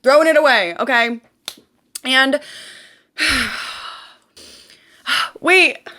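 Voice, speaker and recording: A woman's voice: sits high, extremely slow, pushed and bright. A young woman hosting her own channel, ranting bluntly and emotionally, swearing often and repeating phrases for emphasis. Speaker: channel host. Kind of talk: emotional personal rant.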